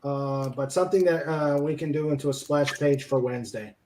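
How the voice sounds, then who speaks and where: A man's voice: mid-range voice, fairly quick, a little mellow, slight background noise. A man hosting a casual live stream, reading chat messages aloud and chuckling along with guests. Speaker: stream host.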